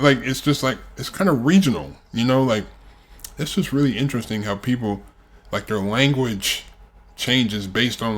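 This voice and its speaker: A man's voice: mid-range voice, fairly bright tone. A young American man hosting a reaction video, rambling casually with lots of fillers. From United States. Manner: rambling, heavy on fillers, laughs often.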